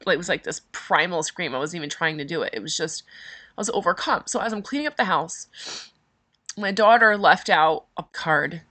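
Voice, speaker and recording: A woman's voice: fairly low pitch, bright, forceful tone. A middle-aged woman hosting a podcast, telling a personal story in an emotional, rambling way with many fillers. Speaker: podcast host.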